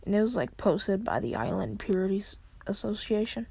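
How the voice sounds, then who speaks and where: A woman's voice: mid-range voice, steady tone, normal speed, vocal fry, warm tone, breathy edge, no echo. A woman casually improvising a fan story, rambling with many fillers and restarts.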